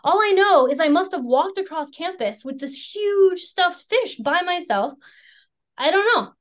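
A woman's voice: very high voice, lively intonation, measured pace. An American woman from the Chicago area giving a candid personal testimony, frank and self-deprecating, with lots of "you know" and "right". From Chicago area, United States. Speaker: speaker sharing recovery story.

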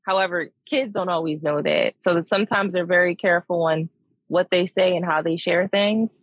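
A woman guest, a behavior analyst, explaining her work in a measured way on a podcast. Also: fairly low pitch, breathy edge, dry recording, dull audio. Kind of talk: casual interview chat.

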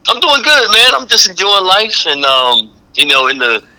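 A man's voice: high-pitched, sing-song, normal speed, sharp tone, low-quality recording. A man, calling in by phone and chatting agreeably with the host, chuckling along. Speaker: guest calling in. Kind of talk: casual chat. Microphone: phone call.

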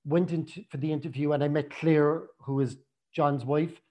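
A man tells a long personal story in a loose, chatty manner, slipping into the voices of the people he quotes. His voice sits a little high for a man but sounds mellow and warm rather than bright. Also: normal speed. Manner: chatty, animated retelling with acted quotes.

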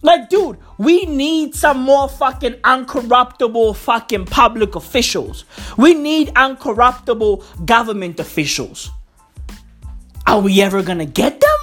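A woman ranting profanely into a microphone, full of slang, swearing and loud laughter at her own jokes. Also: a little high, animated, measured pace, faint music behind. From South Africa.

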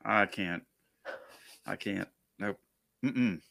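A middle-aged man co-hosting a podcast, giving short, relaxed replies and slowing down when he tells a story. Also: on the low side, vocal fry, no echo. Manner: laid-back, brief replies, slow when telling a story. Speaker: podcast co-host. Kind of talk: casual chat.

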